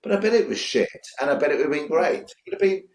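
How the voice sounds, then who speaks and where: A man's voice: a little high, animated, rapid-fire, vocal fry, darkish tone, roomy sound. A man, a guest director telling rambling, enthusiastic stories in a casual interview, swearing freely. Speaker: guest, music video director.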